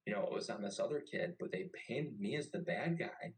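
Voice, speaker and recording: A young navy veteran tells a story loosely and casually. His voice sits on the low side, and he swears freely and keeps things animated. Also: fairly quick, poor audio. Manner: profane and animated. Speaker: podcast host and navy veteran.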